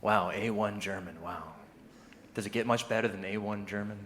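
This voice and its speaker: At a live comedy venue with an audience, a man runs through a stand-up set, chatty and loose, laughing at his own jokes and doing mock voices for people he quotes. His voice sits lowish with fairly even intonation, a moderate pace, and a bit of brightness. A little hiss or hum runs under the recording.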